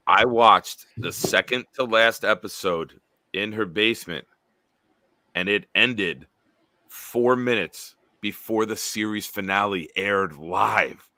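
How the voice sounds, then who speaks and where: A man with a lowish, bright, forceful voice hosts a casual livestream hangout. He tells stories with animation and swears freely. The sound is dry and close. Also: no echo. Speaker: host.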